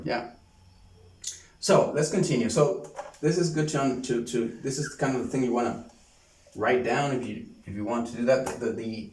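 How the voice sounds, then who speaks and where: Male lecturer, slow halting delivery full of restarts, echoey room, mic at a distance. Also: medium pitch, darkish tone. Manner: halting, many restarts and repeated words. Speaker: course lecturer. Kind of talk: online lecture. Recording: roomy sound from a distance.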